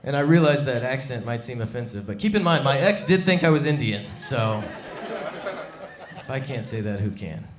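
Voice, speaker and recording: A man performing a live stand-up set on a comedy club stage, wry and deadpan, speaking into a stage mic. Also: medium pitch, normal speed. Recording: echoey club with loud crowd.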